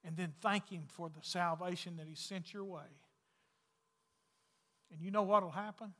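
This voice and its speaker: High, bright-voiced preacher in a hall. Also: male voice, steady tone, normal speed. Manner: folksy preaching, swings from loud to hushed. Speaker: pastor. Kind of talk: sermon.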